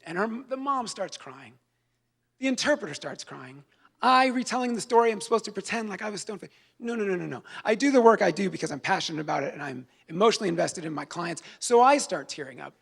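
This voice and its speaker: A public defender accepts his award with an earnest, heartfelt story told with touches of humor. His voice is fairly high and gravelly, with a husky edge. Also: lively intonation, fast talker. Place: event hall.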